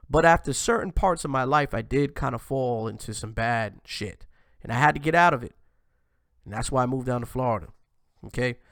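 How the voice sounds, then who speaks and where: Animated man ranting into a dry mic. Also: medium pitch, fairly quick, dry recording. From United States. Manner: animated, repeats "man" at ends of lines, frequent restarts. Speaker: host. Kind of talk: casual commentary monologue.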